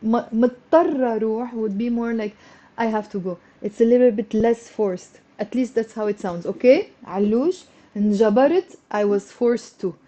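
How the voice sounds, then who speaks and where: A woman teaching a live online language lesson, slowing down and repeating words so her students can follow, then coaxing them to answer. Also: on the high side, mellow, dull audio. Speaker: Arabic teacher.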